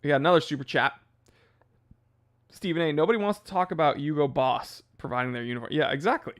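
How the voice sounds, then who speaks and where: A man's voice: on the high side, fast. A man hosting a casual livestream, chatting loosely and rambling, with laughs at his own jokes. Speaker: livestream host.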